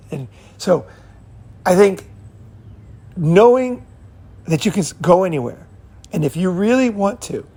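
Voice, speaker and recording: A man's voice: fairly high pitch, gravelly, a little mellow, breathy edge. A man talking in a rambling, unscripted monologue, swearing freely and repeating himself as he tells stories. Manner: profane, rambling storyteller who repeats himself. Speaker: channel host.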